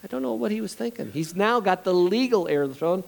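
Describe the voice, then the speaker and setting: A male pastor preaching a sermon in a lively, conversational way, asking his congregation questions and adding jokes between Bible readings. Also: high-pitched, quick pace, gravelly, rough recording.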